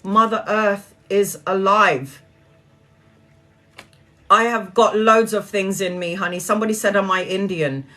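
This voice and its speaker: A woman's voice: mid-range voice, fairly even intonation, measured pace, long pauses, pushed and bright. A woman talks to her viewers about spirit and the present moment. She is earnest and a little preachy, with easy laughs between her points. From Brazilian heritage. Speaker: spiritual speaker. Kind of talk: casual spiritual talk to viewers.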